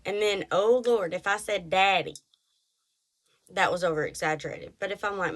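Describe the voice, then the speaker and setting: A woman in her late thirties from Texas with a thick Texan accent, chatting casually and rambling as a podcast host. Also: on the low side. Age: 30s. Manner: rambling, self-deprecating, quick asides and mock voices. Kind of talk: casual chat.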